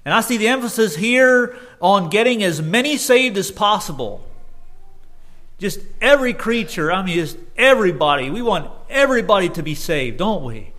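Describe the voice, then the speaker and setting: Man, preacher, sermon, earnest, halting restarts, slightly high voice. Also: very animated, sharp tone. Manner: earnest, halting with restarts, rising when quoting scripture.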